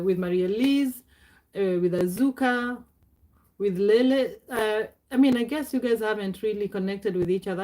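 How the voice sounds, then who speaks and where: In her casual live stream, a middle-aged woman talks loosely, names viewers as she goes, laughs often, and clears her throat repeatedly. Her voice is a little high and mellow.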